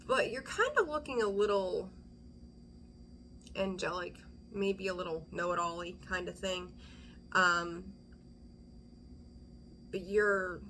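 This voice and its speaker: A woman's voice: medium pitch, bright, forceful tone, a little hiss or hum. A woman giving a casual, rambling tarot reading, often dropping into a whisper as she talks. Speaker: tarot reader.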